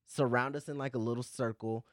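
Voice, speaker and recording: A man in casual chat who tells stories in an animated way and swears a lot. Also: mid-range voice, fairly quick, dry recording, studio quality.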